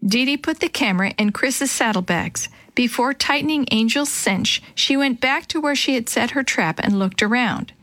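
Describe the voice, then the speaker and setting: A woman reading a children's chapter book aloud, telling the story gently and lightly voicing the characters. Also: on the high side, animated, moderate pace, few pauses, dry recording. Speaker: storybook reader.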